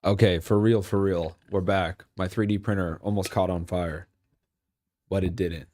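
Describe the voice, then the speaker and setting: Young male streamer, slightly low voice, casual rambling football commentary, jokey, erupts at big plays. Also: steady tone, moderate pace, darkish tone.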